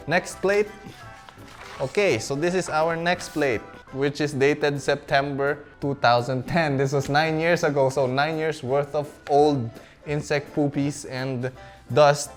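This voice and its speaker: A young man from the Philippines, casually talking through his old school work, chatty and self-mocking with frequent laughs. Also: medium pitch. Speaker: vlogger.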